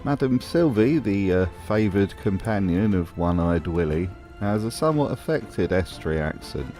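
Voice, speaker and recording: Host, male, lowish voice, deadpan sarcastic narration over faint music. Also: normal speed. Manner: dry, mocking humour. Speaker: video essay host. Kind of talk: scripted commentary.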